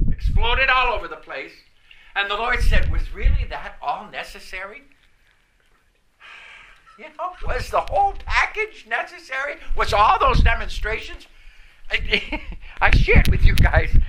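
An older man with a high, sharp voice preaches a sermon, earnestly sharing a personal story and now and then chuckling at himself. The recording is noisy.

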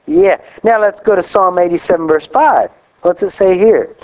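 A middle-aged man from Kansas preaching a lively, joking sermon, reading scripture aloud slowly and with emphasis. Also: sits high. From Kansas, USA. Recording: dull lo-fi live recording.

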